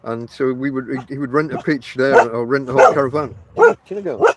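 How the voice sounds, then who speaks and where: Heavy background noise surrounds this medium-pitched, steady voice, which runs a little fast. A Barnsley man with a Northern English accent, he hosts a casual, rambling podcast from inside a tent outdoors. He's chatty, addresses listeners directly, and uses lots of fillers.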